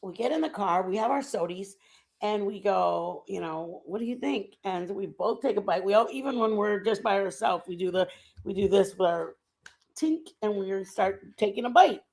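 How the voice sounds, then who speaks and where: A woman's voice: medium pitch, normal speed, vocal fry. Chatty woman telling a story. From Texas. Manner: animated, chatty, laughs often. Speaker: stream host. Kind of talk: casual storytelling chat.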